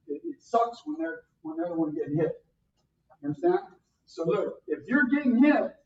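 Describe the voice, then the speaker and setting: A karate instructor teaching a beginner class, counting out drills and calling punch commands in loud bursts. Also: medium pitch. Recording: distant, roomy, dull sound with faint noise.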